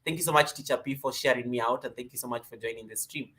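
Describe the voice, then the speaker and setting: A man hosting a casual live stream from home, greeting viewers by name with lively energy. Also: mid-range voice, fast. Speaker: livestream host.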